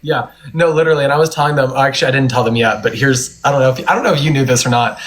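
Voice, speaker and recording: A man's voice: medium pitch, racing. A man hosting a casual phone live stream from home, chatty and rambling, often laughing. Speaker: livestream host. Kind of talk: casual chat. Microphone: phone livestream.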